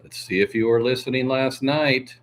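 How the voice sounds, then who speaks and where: On his livestream, a man rambles casually with viewers in a jokey, wandering way, packed with "uh" and asides and the occasional sniffle. His mid-range voice keeps fairly even intonation at a moderate pace.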